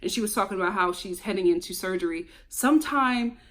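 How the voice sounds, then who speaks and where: A woman giving a casual, animated commentary review of a reality show, chatting straight to her viewers. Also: mid-range voice, quick pace. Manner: animated, chatty, exclamatory, addresses viewers as y'all.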